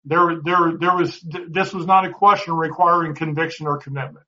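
A man's voice: fairly high pitch, steady tone, moderate pace, bright, forceful tone. A man teaching a Bible class in a conversational way, often restarting words and putting questions to the class. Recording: dull lo-fi recording.

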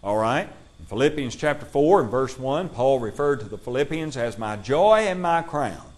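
Man teaching a measured Bible class. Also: medium pitch, expressive, a little mellow. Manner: measured, reads scripture aloud slowly; asks the class questions.

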